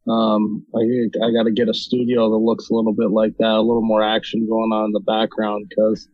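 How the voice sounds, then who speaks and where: Man from North Dakota, podcast guest, monotone and halting, dry lo-fi sound. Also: lowish voice, no room sound. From North Dakota, USA. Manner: hesitant, many ums and restarts. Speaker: podcast guest, video creator. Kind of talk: casual interview conversation.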